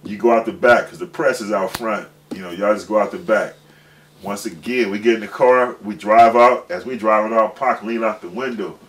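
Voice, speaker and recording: A man's voice: lowish voice, normal speed, a bit bright. A man in his forties, a guest telling a long, rambling story in profane, slangy casual speech. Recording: distant mic with faint background noise.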